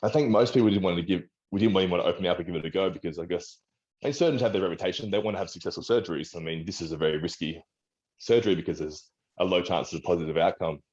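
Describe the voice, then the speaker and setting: An Australian guest, a strongman who also works as a personal trainer, talks casually in an interview, rambling, restarting, and playing the parts of the doctors he's quoting. His voice is low-pitched, racing, and a little mellow, and the recording sounds muffled.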